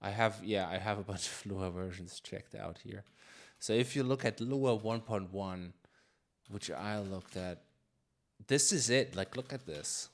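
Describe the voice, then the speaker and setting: Low-voiced guy musing slowly while he codes on stream, lots of ums and restarts. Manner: thinking aloud, musing with frequent fillers and restarts; reads chat questions aloud. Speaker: live-coding streamer. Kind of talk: casual live-coding chat.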